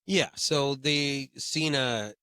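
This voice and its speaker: A man's voice: mid-range voice, very slow, bright, forceful tone, smooth, no room sound. Man, podcast co-host, sniffly, hesitant with restarts, casual chat, dry close sound. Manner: hesitant, with frequent ums and self-restarts. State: sniffly from a cold.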